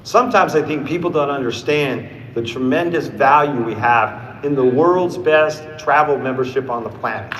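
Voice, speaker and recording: A man's voice: medium pitch, normal speed, few pauses, a crowd in the background. Storytelling man in an echoey hall. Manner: storytelling, acting out quoted dialogue. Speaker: company CEO. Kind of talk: motivational sales speech. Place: stage in a large event hall.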